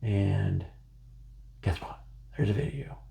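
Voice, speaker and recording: Chatty low-voiced man teaching painting. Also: takes it slowly, vocal fry, mellow. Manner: chatty, self-joking, rambling asides. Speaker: painting instructor. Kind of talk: casual painting tutorial.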